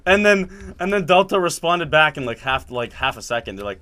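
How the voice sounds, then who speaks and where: A man telling a story in casual chat while playing a game, animated and laughing as he acts out quotes. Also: fairly high pitch, normal speed. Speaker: gaming video host. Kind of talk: casual storytelling over gameplay.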